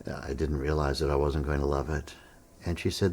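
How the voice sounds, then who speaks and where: Deep-voiced man telling a funny story. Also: fairly even intonation, a little fast, darkish tone. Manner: self-deprecating, acts out quoted dialogue, chuckles often. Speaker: meditation teacher telling a personal story. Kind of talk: storytelling monologue.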